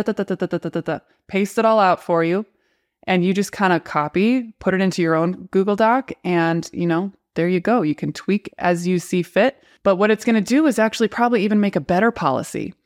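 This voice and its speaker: A woman in her thirties hosting a podcast, talking casually and playfully while acting out quick snippets of dialogue. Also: mid-range voice. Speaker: HR podcast host. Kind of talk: casual explainer talk.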